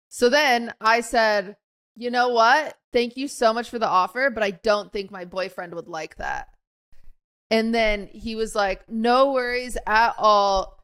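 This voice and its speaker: Young woman telling an animated story. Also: a little high, moderate pace. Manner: animated storyteller acting out quotes, many fillers. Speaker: podcast co-host. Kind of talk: casual storytelling chat.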